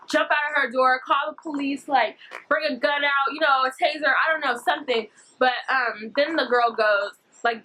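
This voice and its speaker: A woman's voice: sits high, bright, forceful tone, slight background noise, rough recording. A young woman rambling through a story-time vlog, full of fillers. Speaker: vlogger.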